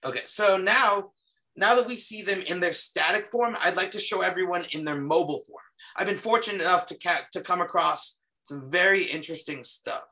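Bright-voiced man presenting ghost footage. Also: high voice, a little fast. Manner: earnest, restarts often, walks through footage. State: slightly losing his voice. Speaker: paranormal investigator guest. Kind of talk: casual podcast presentation.

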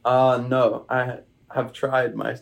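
A young man with an Australian accent chatting casually as a podcast guest, relaxed and rambling with plenty of fillers. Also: mid-range voice, takes it slowly, vocal fry, lo-fi sound. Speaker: guest, baseball player. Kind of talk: casual interview chat. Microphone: podcast microphone.

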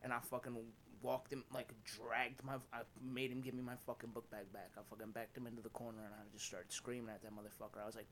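A man from eastern Pennsylvania, a comedian guest on a podcast, telling stories in an animated, profane way and acting out the dialogue. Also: mid-range voice, quick pace, hardly any pauses, slight background noise. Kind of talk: casual chat.

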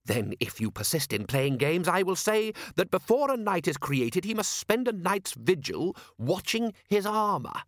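A man voicing a haughty aristocratic lord who speaks in a clipped, disdainful, deliberate way. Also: high voice, big pitch swings, dry recording, clean studio sound, voice pushed up. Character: haughty aristocratic male lord, cold and contemptuous.

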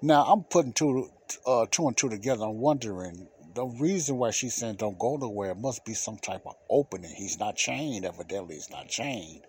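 A man with a low, husky voice tells a personal story on his podcast. He talks casually and keeps repeating himself, with bursts of excitement. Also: normal speed. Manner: animated, repeats himself, colloquial. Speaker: podcast host.

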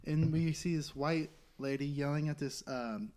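A young man telling raunchy stories in a casual podcast chat, animated and profane, jumping into loud shouted quotes. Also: on the high side, normal speed. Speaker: comedian guest.

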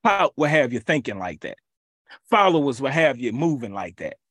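Emphatic preacher man, lively pitch. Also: moderate pace, breathy edge, dry recording. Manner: emphatic, repetitive preaching with rhetorical questions. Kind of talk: sermon.

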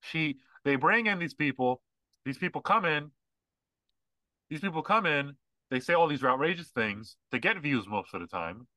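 A man's voice: fairly high pitch, animated, normal speed, sharp tone, no echo, low-quality recording. A man co-hosting a casual podcast, rambling and mocking, often mimicking other people's voices. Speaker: podcast co-host.

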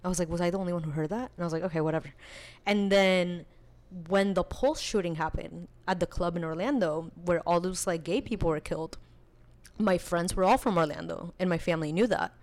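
A young woman with a slightly low voice tells a personal story in a loose, chatty way. She fills her sentences with casual fillers and keeps the telling animated. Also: fairly quick. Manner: chatty, animated, full of filler likes, laughs while telling. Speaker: podcast guest.

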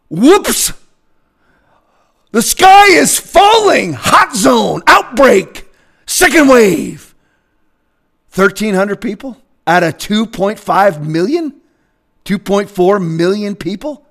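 A man delivers a heated sermon from the pulpit. His voice sits high to begin with and climbs even higher as he presses one rhetorical question after another. At its peaks it breaks into shouting. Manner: voice climbs high when agitated. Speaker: pastor. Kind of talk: political sermon rant.

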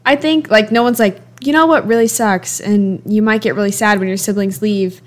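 A woman's voice: mid-range voice, normal speed. 20 yr old girl hosting her podcast, chill and chatty. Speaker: podcast host. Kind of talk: casual chat.

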